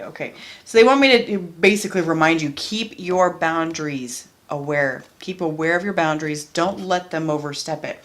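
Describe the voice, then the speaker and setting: A woman's voice: sits low, a bit bright. A woman doing a casual tarot card reading, chatty and blunt, who often repeats her phrases and swears freely. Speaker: tarot reader.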